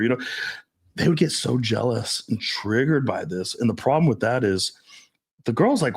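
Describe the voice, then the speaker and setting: A young man hosting a casual podcast as a dating coach, animated, swearing and acting out quoted voices. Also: mid-range voice, moderate pace, creaky, husky.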